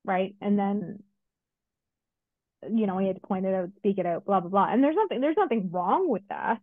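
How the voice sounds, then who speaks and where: A middle-aged woman co-hosting a podcast, telling a personal story in a casual, lively way with many asides. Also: mid-range voice, normal speed, no echo. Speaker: podcast co-host. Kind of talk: casual chat. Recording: dry, phone-like narrow sound.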